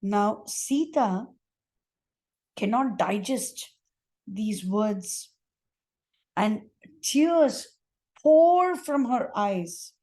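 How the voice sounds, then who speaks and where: A woman teaching a sacred epic, reciting verses and then translating and explaining them slowly with pauses and restarts. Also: mid-range voice, expressive, mellow. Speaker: scripture teacher.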